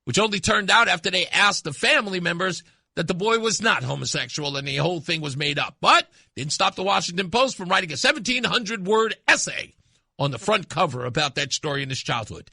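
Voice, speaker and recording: Male radio host, bright and cutting tone, dry booth sound, emphatic commentary. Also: sits high, expressive, a little fast, gravelly, dry recording. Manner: emphatic and impassioned, swings from loud to hushed. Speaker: radio talk show host.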